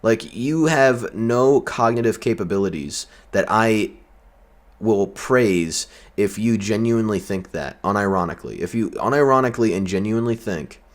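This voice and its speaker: A man delivering a heated, profane and sarcastic vlog rant. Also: on the low side. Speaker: vlogger. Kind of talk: ranting commentary.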